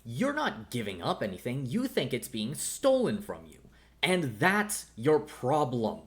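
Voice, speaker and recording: A man's voice: mid-range voice, huge pitch swings, a little slow. A man voicing a stern veteran male ranger and father who lectures bluntly and swears, in tabletop role-play.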